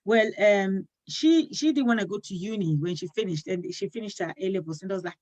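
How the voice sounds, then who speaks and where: Speaking briskly and barely pausing, this middle-aged talk show host shares a personal story in earnest, performing the lines of what was said. Her voice sits in the mid range, and the conversation is casual.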